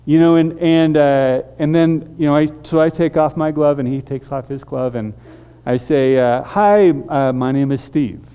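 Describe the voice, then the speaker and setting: A man preaching a storytelling sermon as a pastor, animated and halting with frequent restarts. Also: on the high side, clear, resonant tone.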